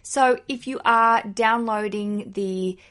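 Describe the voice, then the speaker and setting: A woman's voice: on the high side, takes it slowly, fairly bright tone. Woman, Australian accent, podcast host, casual chat, playful, self-deprecating. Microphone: podcast microphone.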